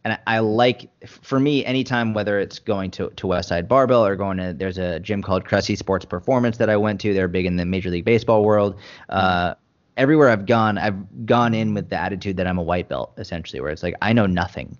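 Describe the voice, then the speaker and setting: A man's voice: deep voice, fairly quick. Blunt, profane man on a lo-fi podcast. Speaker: guest, fitness and nutrition coach. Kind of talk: podcast interview. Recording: dull lo-fi sound.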